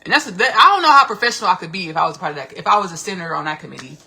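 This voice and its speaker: Gravelly, bright-voiced woman podcaster. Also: on the low side, racing. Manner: animated, rambling, slangy, repeats herself. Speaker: podcast host. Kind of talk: casual livestream commentary.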